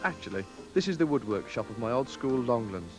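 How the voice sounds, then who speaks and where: A man's voice: mid-range voice, very animated, a little fast. A man of twenty, giving a scripted, pun-filled voice-over introduction to himself. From West Midlands, England. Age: 20s. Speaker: talent show contestant. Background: music.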